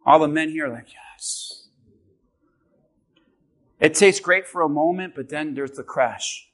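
A pastor preaches a sermon to his church using an object lesson, speaking fairly quickly in a slightly high voice. He's animated, swinging between quiet asides and shouting.

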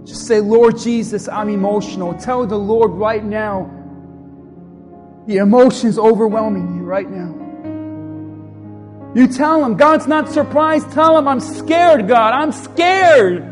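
A man's voice: high-pitched, a little slow, long pauses. A man preaching as a pastor, giving an impassioned altar-call sermon with a repetitive preaching cadence and leading the congregation in prayer. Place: church sanctuary. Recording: long hall reverb, faint music.

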